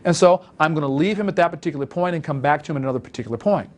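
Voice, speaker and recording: A man's voice: fairly high pitch, rapid-fire. A man coaching listeners on making sales calls, talking emphatically and acting out example calls. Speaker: sales trainer. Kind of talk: instructional talk.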